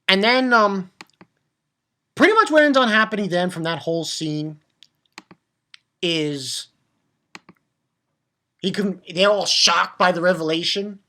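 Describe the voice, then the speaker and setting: A man recapping and reviewing a cartoon episode in a casual, excitable way, swearing freely and stumbling over restarts and fillers. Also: high-pitched. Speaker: anime reviewer.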